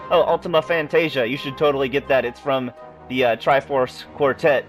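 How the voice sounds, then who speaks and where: A young man hosting a let's play reads the game text out loud, chats casually and laughs at himself as he plays. His mid-range voice is steady and brisk, with soft background music in a rough recording.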